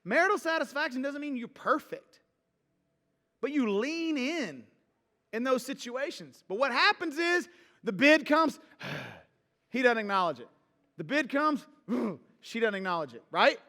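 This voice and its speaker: A man's voice: very high-pitched, big pitch swings, a little slow, pushed and bright, long reverb tail. A man preaching a sermon as pastor, talking casually and joking with the congregation. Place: church hall.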